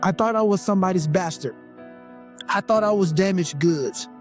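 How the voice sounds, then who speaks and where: A man's voice: high-pitched, normal speed, loud music behind the voice. A man in his fifties giving a personal faith testimony as an interview guest, speaking with an emphatic, preaching rhythm and repeated phrases.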